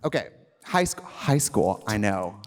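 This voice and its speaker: A man's voice: lowish voice, big pitch swings, a little slow. A middle-aged man from the United States, co-hosting a comedy show with brash, self-mocking, crude banter. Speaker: podcast co-host. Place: live stage show. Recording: reverberant live venue.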